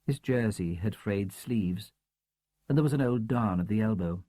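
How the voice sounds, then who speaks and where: A man narrating a crime novel audiobook in a measured, expressive storytelling manner. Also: on the low side, no room sound. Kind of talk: scripted narration.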